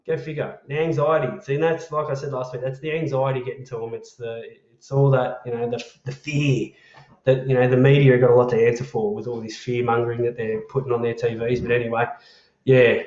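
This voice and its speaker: An Australian man hosts a laid-back live chat, reading out comments in a matey voice with the odd swear word. He sits at a middling pitch. The sound is roomy and echoey, with a dull, lo-fi edge. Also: flat delivery, fairly quick, a little mellow. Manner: chatty, matey, swears freely. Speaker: livestream host.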